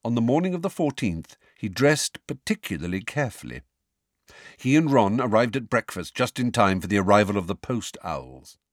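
A man narrating an audiobook with an expressive, varied storytelling delivery. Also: lowish voice, normal speed, no echo, studio quality. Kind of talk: scripted narration.

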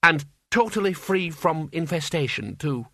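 A man's voice: a little high, animated, unhurried, pushed and bright, exaggerated voice. A man doing a fussy, soothing young wizard. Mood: eager. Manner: solemn, soothing, eager.

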